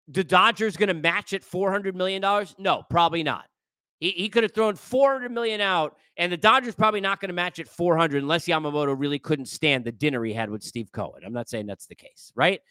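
Exasperated, this sports podcast host lectures his audience at a moderate pace, his high, sharp voice forceful, clear and resonant. The sound is dry and close-miked, with no sense of the room.

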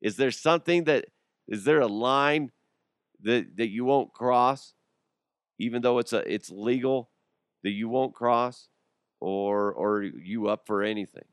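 In a clear, resonant, medium-pitched voice, a young man hosting a podcast takes his time through a comedic solo riff. He laughs a lot and slips into character voices. The recording is dry, with clean studio sound.

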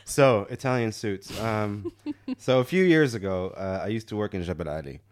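Low-voiced man telling a story. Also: moderate pace, clear, resonant tone. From Morocco. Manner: laughs often, animated when quoting people. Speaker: podcast host telling a story. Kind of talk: casual storytelling.

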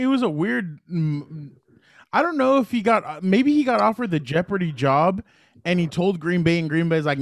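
A man's voice: fairly high pitch, no room sound, clean studio sound. Rambling, chatty sports-talk man. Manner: rambling, many restarts, retells stories with quoted voices. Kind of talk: casual sports chat.

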